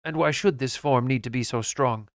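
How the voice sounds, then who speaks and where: A man reading an audiobook voices a blunt, skeptical harpooner who talks emphatically and a little louder. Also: mid-range voice, normal speed, no echo, clean studio sound, close to an everyday voice.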